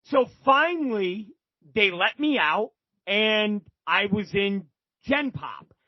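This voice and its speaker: A man's voice: sits high, animated, slow pace, no room sound, lo-fi sound. A man guest telling a story casually and animatedly, swearing freely and acting out other people's lines. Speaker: podcast guest.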